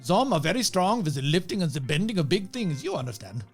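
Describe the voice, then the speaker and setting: An actor playing an eccentric, playful German mad scientist with a put-on German accent and broken grammar. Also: male voice, high voice, sing-song, fast, husky, faint music behind, full character voice. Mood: sheepish. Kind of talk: comedic audio drama.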